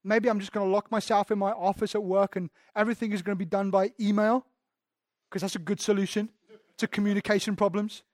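A man's voice: sits high, flat delivery, fast, no room sound, studio quality. Candid self-deprecating male preacher. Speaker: pastor. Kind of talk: sermon.

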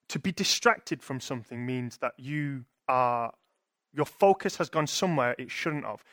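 A young man preaches in a chatty, thinking-aloud way, often restarting and checking in with his listeners. His voice sits a little high for a man. The sound is dry and close, with no room around it. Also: fairly bright tone, no echo. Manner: conversational, thinking aloud with frequent restarts and rhetorical "right?". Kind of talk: sermon.

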